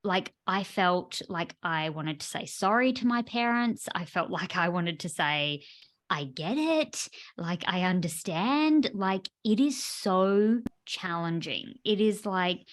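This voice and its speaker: A woman in her thirties co-hosting a podcast, talking casually and agreeing warmly, with many "like" fillers. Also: lowish voice, measured pace, few pauses. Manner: chatty, warm agreement, frequent "like" fillers. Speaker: podcast co-host. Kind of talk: casual conversational chat.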